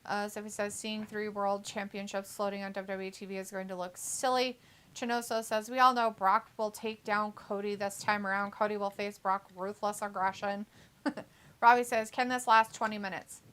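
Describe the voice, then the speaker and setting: A woman's voice: mid-range voice, steady tone, moderate pace, a bit bright, smooth. A woman co-hosting a wrestling watch-along live stream in casual chat, reading viewer comments aloud and reacting to them. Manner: chatty, reads chat messages then reacts.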